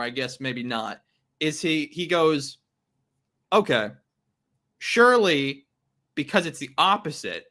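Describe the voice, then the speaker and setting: A young man guest on a casual comics podcast, talking in a hesitant, halting way. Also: on the high side. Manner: hesitant, many ums and restarts, relaxed.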